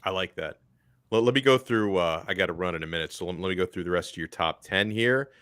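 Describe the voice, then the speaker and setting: A man hosting a sports talk show in casual chat, joking and animated, often repeating himself as he talks. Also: deep voice, fast talker, clear, resonant tone, no echo. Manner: joking, animated, stumbles over words.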